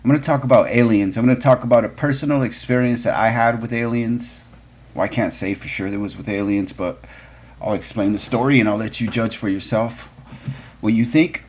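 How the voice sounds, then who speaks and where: A man's voice: mid-range voice, brisk, darkish tone, breathy edge. A man hosting a podcast, telling a personal story in an earnest, conversational way. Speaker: podcast host.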